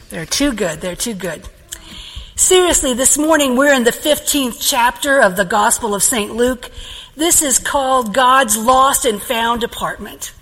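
A woman pastor preaching a sermon as an animated storyteller who laughs often, in a church. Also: fairly high pitch, long reverb tail, poor audio.

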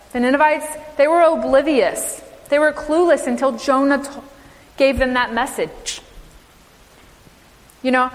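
Her voice fairly high, a woman preaches to her congregation as a minister, pressing her points with emphatic rhetorical questions. The long reverb of a church sanctuary rings around her sermon.

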